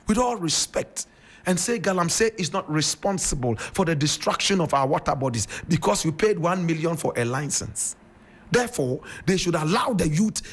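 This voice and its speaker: A man's voice: on the high side, husky. A man with a Ghanaian accent giving impassioned commentary, emphatic and preaching, firing rhetorical questions. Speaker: radio commentator.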